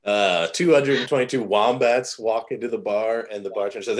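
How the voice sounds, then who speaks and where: Guy with a lowish voice doing improv jokes, dry, steady. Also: normal speed, few pauses. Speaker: improv performer. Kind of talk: improvised joke telling.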